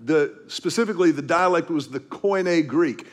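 A man preaching a sermon as pastor, telling a personal story and then slowing down to stress each point. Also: on the high side. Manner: storytelling and preaching, slows down for emphasis.

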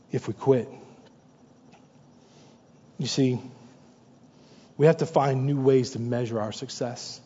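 A man's voice: mid-range voice, dark tone, husky. A male pastor preaching a sermon in a conversational, anecdotal way, repeating short exhortations for emphasis. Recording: long reverb, dull muffled sound.

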